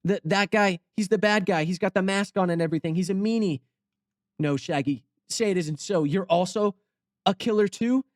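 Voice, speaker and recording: A frightened teenage girl from a slasher story, begging for help in a whiny, breathless rush, played by a man in his own voice. The voice sits high and is recorded close and dry, with no room sound. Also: moderate pace, no echo, natural voice. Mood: pleading. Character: panicked teenage girl horror survivor.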